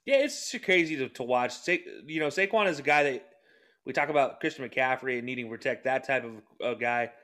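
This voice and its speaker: A man co-hosting a casual sports podcast, talking quickly with sarcastic asides and laughs. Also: medium pitch, pushed and bright. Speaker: podcast co-host.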